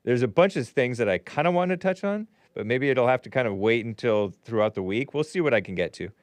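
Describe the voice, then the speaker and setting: A chatty man hosts a live call-in show, upbeat and prone to loud shouted greetings. His voice is smooth and clear, recorded dry and close, with a slight strain. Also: mid-range voice, expressive, fast, no echo. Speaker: show host.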